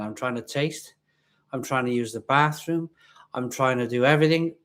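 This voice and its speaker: A man's voice: medium pitch, normal speed, pauses often, a bit bright. A man hosting a live beer tasting from home, chatting casually to viewers in front of his laptop and often repeating himself. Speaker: beer reviewer livestream host. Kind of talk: casual live-stream chat. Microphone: laptop webcam.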